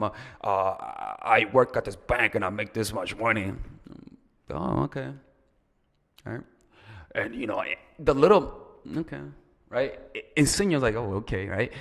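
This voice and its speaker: A man's voice: medium pitch, creaky, big-room sound. A man giving casual, crude, rambling dating advice as a coach, with loose fillers and restarts.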